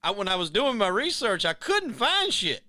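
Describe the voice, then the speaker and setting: A man's voice: sits high, wildly swooping pitch, moderate pace, pushed and bright, no echo, clean studio sound. A man hosting a casual interview podcast, agreeable and easygoing. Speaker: podcast host.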